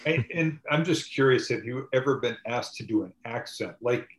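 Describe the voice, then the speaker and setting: A man co-hosting an interview, his voice carrying a noticeable echo from the room. He asks curious, slightly halting questions at a middle pitch. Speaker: podcast co-host. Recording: roomy echo.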